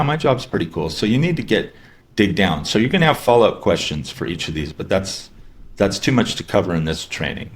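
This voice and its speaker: A man giving a casual sales training lecture, talking loosely with fillers and restarts. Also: low voice. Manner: conversational, many fillers and restarts; acts out sample questions in a lighter voice. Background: dogs barking.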